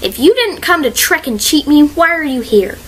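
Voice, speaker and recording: A woman's voice: on the high side, moderate pace, fairly bright tone, slight background noise, close to an everyday voice. Storybook role: cranky elderly caretaker, read by a woman, quarrelsome and accusing. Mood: agitated. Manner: insistent, accusing.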